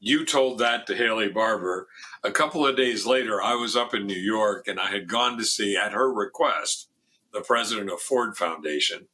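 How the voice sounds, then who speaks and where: Older male guest, animated raconteur, bright husky voice, restarts often. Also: lowish voice, normal speed. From Miami. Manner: animated storyteller, quotes others in raised voice, frequent restarts. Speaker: former foundation president, guest. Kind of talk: storytelling in a radio interview.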